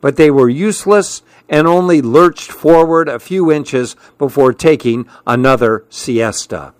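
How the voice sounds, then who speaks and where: Male host, reads a novel aloud at an easy, slow pace, dry sound. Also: mid-range voice, no echo.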